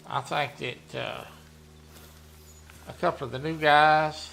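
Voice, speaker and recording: A man, chatting casually while playing a hunting game, rambling and often clearing his throat. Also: fairly high pitch, fairly even intonation, slow, a bit bright, a little hiss or hum. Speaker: gaming streamer running a members' community.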